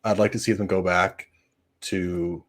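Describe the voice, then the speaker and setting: Man hosting a movie watch party, low voice, casual, swears a lot. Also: slight background noise. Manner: casual, swears, talks fast when excited. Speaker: host.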